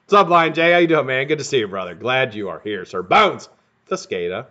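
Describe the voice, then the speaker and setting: A man's voice: medium pitch, very animated, fairly quick, pushed and bright, highs cut off. A man hosting a live stream, chatting casually with profane, boastful jokes. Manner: profane, joking, boastful banter.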